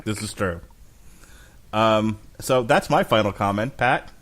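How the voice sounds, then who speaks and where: A man's voice: on the low side, a little slow, a bit bright. A middle-aged man guesting on a podcast, making dry asides and retelling comedy bits in casual banter. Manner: dry asides, breaks into laughter.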